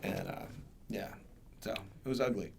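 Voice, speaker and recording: A man hosting a podcast who tells a personal story in casual chat and gets loud when he acts out other people. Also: fairly low pitch, huge pitch swings, moderate pace, creaky, slight background noise. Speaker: podcast host.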